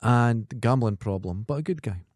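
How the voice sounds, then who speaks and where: A man with a Scottish accent co-hosting a casual podcast, blunt and jokey and quick to mock. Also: medium pitch, expressive, darkish tone, no room sound, clean studio sound. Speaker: podcast co-host.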